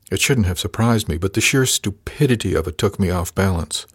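A man reading a first-person novel aloud as an audiobook narrator, measured and lightly voicing the characters. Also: low-pitched, animated, breathy edge, dry recording, studio quality.

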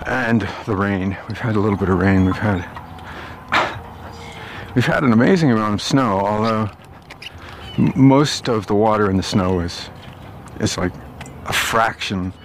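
A man's voice: fairly low pitch, expressive, noisy background. A man rambling aloud in a meandering walk-and-talk monologue, outdoors on his way home through a park. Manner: meandering, musing aloud with pauses and restarts. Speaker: vlogger.

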